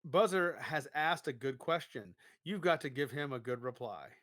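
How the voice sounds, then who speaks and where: A man's voice: mid-range voice, animated, moderate pace, fairly bright tone, no echo. A man co-hosting a podcast, reading a kids' gamebook aloud with playful jokes. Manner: playful, jokey. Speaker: podcast co-host.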